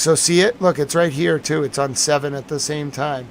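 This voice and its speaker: A man's voice: on the high side, fairly even intonation, moderate pace, a little hiss or hum, poor audio. A tired man hosting a live stream, chatting casually and rambling to his viewers.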